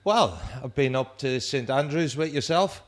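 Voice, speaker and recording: A man's voice: mid-range voice, lively intonation, moderate pace. An easygoing man talks in a casual podcast from a clubhouse bar. He often keeps his replies short. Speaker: podcast co-host. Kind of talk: casual pub chat.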